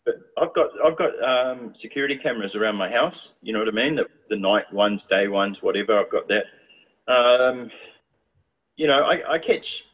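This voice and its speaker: A man's voice: medium pitch, a bit bright, dull audio. A man, chatting casually as a guest with a rambling manner and lots of fillers. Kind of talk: casual chat.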